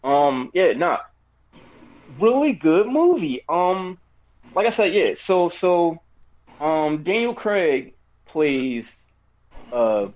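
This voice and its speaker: A man's voice: on the high side, big pitch swings, takes it slowly, pauses often, a little mellow, muffled recording. A man co-hosting a casual chat, rambling through a movie review with many fillers and restarts, while he has the hiccups. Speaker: podcast co-host giving a movie review.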